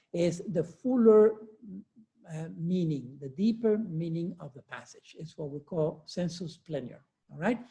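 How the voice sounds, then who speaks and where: A man's voice: on the high side, warm tone. A man in his sixties giving a university lecture in a cold classroom, talking conversationally with frequent fillers and chuckles. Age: 60s. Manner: conversational, chuckles often, many fillers and restarts. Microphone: lecture recording with remote attendees.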